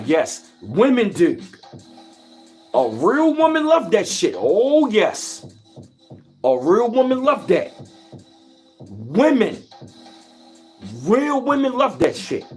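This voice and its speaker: A man talking boastfully in a casual vlog monologue. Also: high voice. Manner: boastful, animated street talk with repeated slang. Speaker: vlogger.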